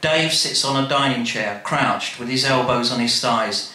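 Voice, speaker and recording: A man reading his memoir aloud to a live audience in a bar, wry and animated, with quick asides. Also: mid-range voice. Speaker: storyteller. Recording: echoey live room, faint background noise.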